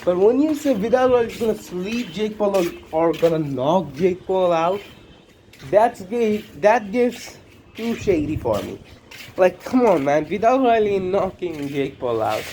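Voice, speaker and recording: High-voiced guy ranting about fights, blunt and sweary, faint noise in the background. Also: lively intonation, a little slow, warm tone. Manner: blunt, profane, repetitive. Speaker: combat sports commentator. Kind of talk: casual opinion monologue.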